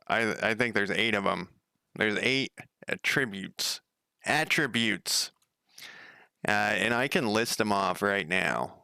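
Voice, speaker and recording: A man's voice: fairly low pitch, gravelly, sharp tone, clean tone, no room sound, studio quality. A man coding a game on a casual livestream, thinking aloud, rambling, swearing casually and chatting with viewers.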